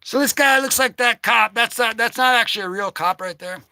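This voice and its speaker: Excitable high-voiced man, dry sound. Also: fairly quick, creaky, dry recording. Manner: excitable, slangy, joking. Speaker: comic book vlogger. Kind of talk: casual livestream commentary.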